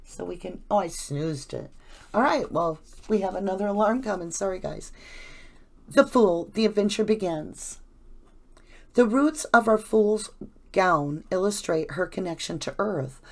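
A woman's voice: mid-range voice, unhurried. A woman giving a casual, effusive tarot reading, chatting and rambling to her viewers. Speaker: tarot reader.

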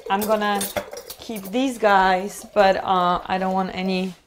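A woman's voice: mid-range voice, little pitch movement, a little slow, noisy background. Chatty woman hosting a kitchen stream. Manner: chatty, enthusiastic, many fillers and restarts. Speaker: cooking show host. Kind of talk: live-streamed cooking demo chat. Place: home kitchen.

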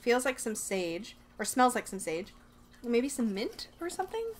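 Excitable woman vlogger, fairly high voice, gushing unboxing chat, faint hiss behind. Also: measured pace. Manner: excitable, gushing, talks to herself. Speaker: vlogger unboxing a subscription box. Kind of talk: casual unboxing chat to camera. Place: bedroom.

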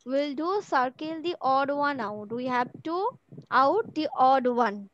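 A woman teaching an online class from home over a video call patiently repeats each question and word for her pupils. Her voice is high-pitched and animated, her pace slow, and the recording muffled.

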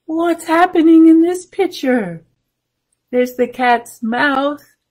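Children's librarian at story time, animated, asks the kids questions, high voice. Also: female voice, takes it slowly. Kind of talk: reading a picture book aloud to children.

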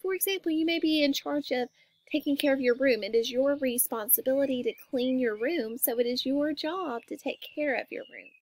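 High-voiced woman reading a storybook. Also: a little hiss or hum. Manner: pauses to explain words and ask questions to young listeners; changes voice for characters in quoted lines. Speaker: storybook reader. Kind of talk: reading a picture book aloud to children.

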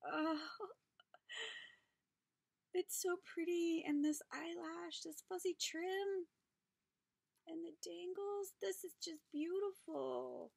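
A woman hosting a craft vlog, unboxing handmade gifts and gushing over each one with gasps and soft whispered asides. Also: extremely high pitch, slow pace, gravelly, pauses often, no room sound, clean studio sound. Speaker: craft channel host. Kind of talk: unboxing craft mail, casual chat.

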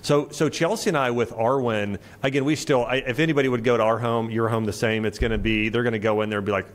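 A man's voice: mid-range voice, steady tone, fast talker. Rambling man hosting a podcast. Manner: rambling, full of restarts. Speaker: podcast host. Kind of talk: casual interview chat.

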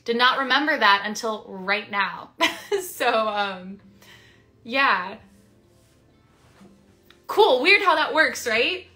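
Woman chatting on stream while signing stuff, kinda high voice, slow and easy. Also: animated, bright, forceful tone, soft background music. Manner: chatty, talks while working, frequent ums and laughs. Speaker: streamer signing prints for fans. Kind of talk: casual livestream chat.

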